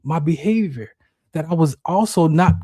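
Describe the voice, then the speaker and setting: At a moderate pace, a male talk-show co-host tells an emotional personal story. He gets animated, shouting out his inner voices in a high register. The sound is studio quality, with no room sound.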